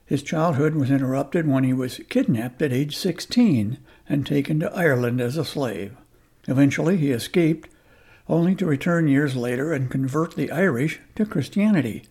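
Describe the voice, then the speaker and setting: A man's voice: on the high side, lively intonation, moderate pace, a little mellow, slightly rough. A man hosting a scripted radio commentary, wry and folksy in tone. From United States.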